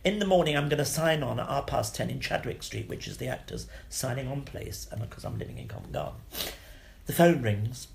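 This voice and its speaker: An older man, an actor being interviewed, telling anecdotes in a lively, salty way and acting out the voices of the people in his stories. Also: mid-range voice, fairly quick, vocal fry, noisy background. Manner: animated, salty, acts out quoted voices. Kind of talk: anecdotal storytelling.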